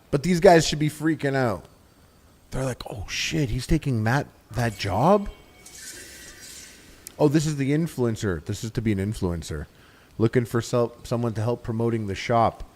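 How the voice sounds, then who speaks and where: A livestreamer chats casually through a video game, swearing freely, joking and repeatedly imitating the characters he runs into. His medium-pitched voice is animated and somewhat dark in tone, at a normal speed.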